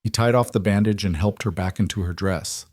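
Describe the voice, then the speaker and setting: A man narrating a frontier story in a measured, dramatic way. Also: lowish voice, a little mellow, dry recording, clean studio sound.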